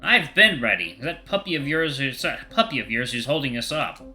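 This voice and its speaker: A man voicing a frail, drunk old woman sheep with a gruff, gravelly and forceful voice, curt and scornful. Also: mid-range voice, sing-song, moderate pace, faint music behind.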